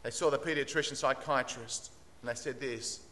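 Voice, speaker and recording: Bright-voiced man preaching in a reverberant hall. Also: medium pitch, steady tone, moderate pace, slight background noise. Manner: reads testimony aloud with rising emphasis. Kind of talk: sermon storytelling. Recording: long reverb in a large hall.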